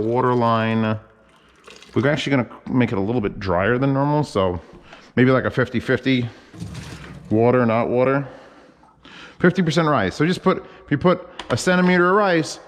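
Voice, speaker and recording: A man's voice: mid-range voice, in a large hall. A man cooking in his home kitchen, chatting in a rambling, casual way and swearing freely. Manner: rambling, profane, chatty asides. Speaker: home cook vlogger.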